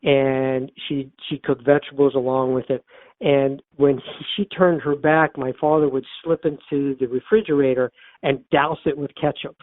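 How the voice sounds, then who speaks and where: Speaking at normal speed in a medium-pitched, steady voice, an older author and therapist relates a personal story in an interview. He is earnest and repeats phrases for emphasis. The sound is tinny like a phone line, dry and without echo.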